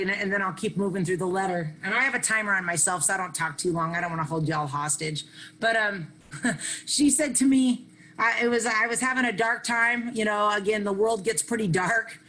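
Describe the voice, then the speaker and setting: A middle-aged woman, giving an energetic, self-mocking recovery share that she keeps punctuating with "hey" and "okay.". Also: mid-range voice, moderate pace, low-quality recording. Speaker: workshop speaker sharing on recovery.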